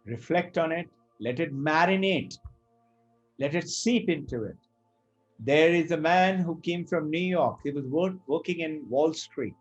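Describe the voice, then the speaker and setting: A middle-aged man teaching Vedanta, telling a story in an animated way and acting out the characters' lines. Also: fairly high pitch, a little slow, highs cut off, faint music behind. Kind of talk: spiritual talk with storytelling.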